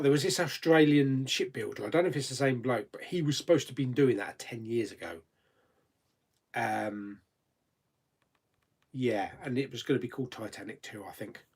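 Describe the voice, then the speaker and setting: Bloke doing a casual live chat, bit husky, voice bouncing all over, laughs a lot. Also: male voice, mid-range voice, a little mellow. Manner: chatty, laughs often, reads viewer comments aloud. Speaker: host of a live chat stream. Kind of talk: casual chat answering viewer questions.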